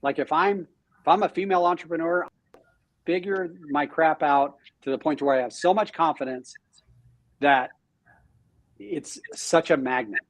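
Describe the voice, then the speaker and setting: A man talking as a podcast guest in a casual interview, animated and self-deprecating, often restarting his sentences. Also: a little high, moderate pace, pauses often. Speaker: real estate team leader, podcast guest.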